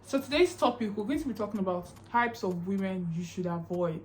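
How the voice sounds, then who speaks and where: A woman's voice: mid-range voice, lively intonation, fairly quick, a little hiss or hum. A young woman talking casually to camera in an advice vlog, chatty and emphatic, often repeating herself. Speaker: YouTube vlogger.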